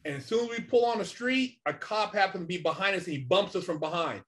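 A middle-aged man telling a story casually and animatedly, swearing often and filling pauses with "you know" and "man". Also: sits high. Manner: animated, swears a lot, many fillers. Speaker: podcast guest.

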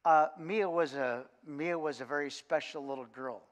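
A man, a coach, giving a sermon in a church and telling a lively, funny story with frequent restarts. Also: on the high side, moderate pace. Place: church sanctuary. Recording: long church reverb.

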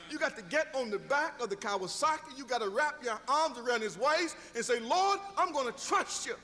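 A man's voice: extremely high pitch, expressive, brisk, bright, forceful tone, in a large hall. A middle-aged man preaching a sermon as pastor, telling stories and building to emphatic exhortation.

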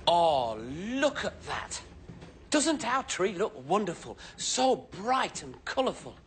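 A cheerful, eager-to-please station helper, chattering to himself as he potters about. His voice leaps around with lively, sing-song ups and downs. He stays very polite and scripted, in the manner of children's television. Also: high-pitched, slow, background noise, exaggerated voice. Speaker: children's show presenter.

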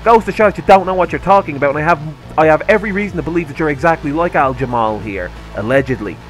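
A man's voice: a little high, lively intonation, racing, faint music behind. Man ranting angrily, swearing constantly. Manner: profane, sarcastic, heated ranting. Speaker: commentary video host. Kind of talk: angry rant commentary.

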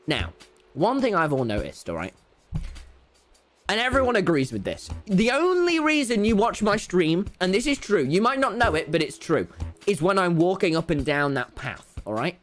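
A young man streaming a game live, talking loudly and excitably to his chat in a brash, boastful way. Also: a little high. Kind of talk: livestream gaming commentary.

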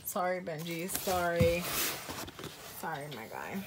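A woman's voice: lowish voice, expressive, measured pace, noisy background. A woman vlogger in casual unboxing chat at home, gushing and exclaiming often, trailing off mid-sentence. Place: home with a pet bird.

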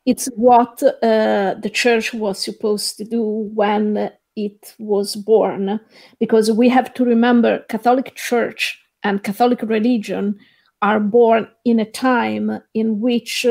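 Woman co-host, unhurried explainer, higher voice with vocal fry. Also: flat delivery, darkish tone. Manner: measured, hesitant with many "uh" fillers. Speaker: podcast co-host, guest. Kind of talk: explaining, casual chat.

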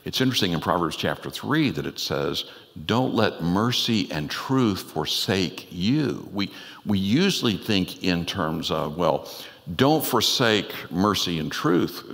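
Low-voiced guy preaching a sermon, chatty and earnest, echo of a big church hall. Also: a bit bright. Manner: earnest, conversational preaching with rhetorical questions. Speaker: pastor. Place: church sanctuary. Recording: long church hall reverb.

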